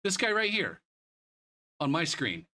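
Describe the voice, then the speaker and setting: Sweary young streamer, bright and lively. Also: male voice, a little high, unhurried. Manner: swears a lot, rants about the race; shouts in disbelief at the replay. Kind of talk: casual gaming stream commentary.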